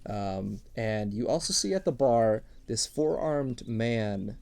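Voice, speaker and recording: A man serving as game master for a tabletop role-playing game, setting scenes in a relaxed way with plenty of ums and uhs. His voice is mellow and warm in tone, and it sits at a middle pitch. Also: slow pace, creaky. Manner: relaxed, filler-heavy narration.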